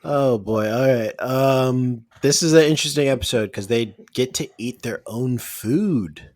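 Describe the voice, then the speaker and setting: A man's voice: medium pitch, unhurried, a little mellow, dry recording. Man, podcast host, casual joking chat, dry close sound.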